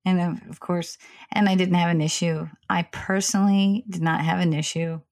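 An opinionated woman chatting casually as a podcast co-host, her voice low-set and gravelly with vocal fry. She rambles through asides, keeps apologizing and restarts her sentences. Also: level tone, moderate pace, darkish tone. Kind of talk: casual chat.

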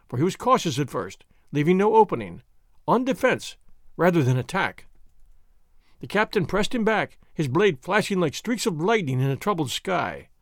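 A man narrating a classic adventure novel in expressive, scripted storytelling style. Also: high voice, dry recording, clean studio sound. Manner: expressive storytelling, varied characters. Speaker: audiobook narrator.

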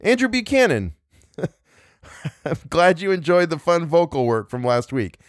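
In the casual outro and outtakes of his story podcast, a host and reader chats and jokes at his own expense, playful and self-mocking with exaggerated groans. His voice is fairly high and a little slow. It's recorded in studio quality with no echo.

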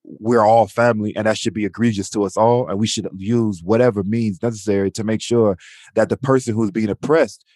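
A man's voice: on the low side, steady tone, brisk, a little mellow, no echo, clean studio sound. A man in his thirties from Atlanta, talking reflectively as a guest and often adding "you know". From Atlanta, USA. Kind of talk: casual conversation.

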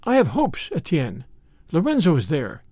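A man's voice: a little high, huge pitch swings, moderate pace, dark tone, dry recording, studio quality. A man voicing a brave, pleading young lady. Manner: pleading, emotional. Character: young noblewoman, frightened yet brave and devoted.

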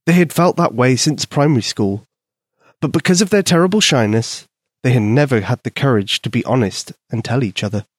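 A man gently narrating a bedtime story for young children in an expressive storytelling manner. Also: medium pitch, brisk, dry recording, studio quality.

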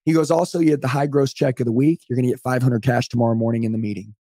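Fast-talking fervent motivational man. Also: medium pitch, steady tone, warm tone, dry recording, clean studio sound. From United States. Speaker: podcast guest, sales trainer. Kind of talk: energetic storytelling on a podcast call. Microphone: remote call.

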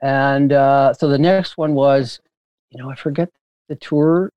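A man telling stories as a guest in an interview, rambling and animated with frequent laughter and restarts. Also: medium pitch, measured pace, clean tone, no echo. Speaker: filmmaker guest. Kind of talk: casual interview storytelling.

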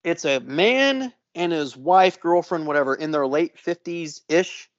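A man's voice: fairly high pitch, measured pace, no room sound, dull audio. A man telling a long story on a casual podcast, swearing often and acting out the other people in it. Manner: profane, animated storyteller. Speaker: podcast co-host.

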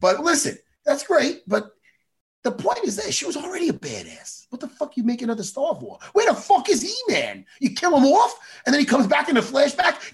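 A man co-hosting a casual chat show, ranting excitably and swearing a lot. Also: very high voice, a little fast, vocal fry. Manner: animated profane ranting, excitable. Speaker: podcast co-host.

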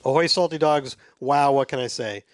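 A man's voice: mid-range voice, normal speed, dry recording. A man hosting a casual sports podcast, chatting and reading listener emails aloud in a self-deprecating way.

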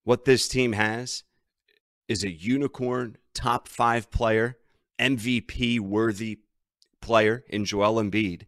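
A man's voice: on the low side, fairly even intonation, takes it slowly, fairly bright tone, no echo, clean studio sound. A man hosting a sports betting podcast, ranting and emphatic as he talks through his team's troubles. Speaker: podcast host.

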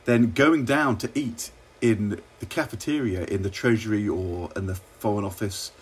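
Man, middle-aged, husky, lowish voice, measured and wry, interview anecdotes. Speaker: former government minister.

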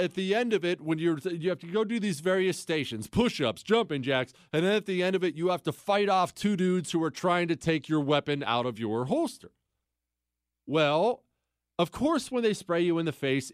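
Sardonic, animated man telling a story. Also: a little high, dry recording, clean studio sound. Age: adult. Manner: animated, sardonic, self-mocking, with quick asides. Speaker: podcast host telling a story. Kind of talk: casual comedic storytelling.

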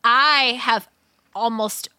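Woman, bright, profane podcast storyteller, dry studio sound. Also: a little high, very slow, clean tone, no echo. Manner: profane, animated storytelling with acted-out quotes. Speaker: podcast co-host telling a story. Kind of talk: casual storytelling chat.

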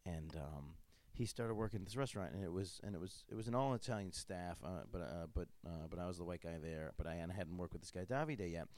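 A man's voice: low-pitched, expressive, quick pace, few pauses, darkish tone, no echo. A man hosting a casual chat, a crude, joking storyteller who restarts his sentences a lot. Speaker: podcast host.

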